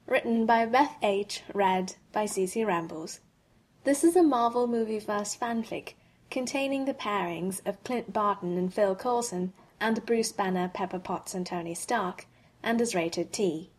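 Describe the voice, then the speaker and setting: Lady reading fanfic aloud, husky, calm and even. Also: mid-range voice, unhurried. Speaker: audiobook reader. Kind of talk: fanfic audiobook narration.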